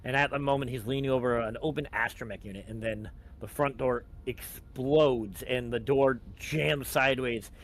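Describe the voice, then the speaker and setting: Man, game master, tabletop narration, casual, rambling delivery, mid pitch. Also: fairly even intonation, normal speed, few pauses, slight background noise. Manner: casual, rambling with many likes.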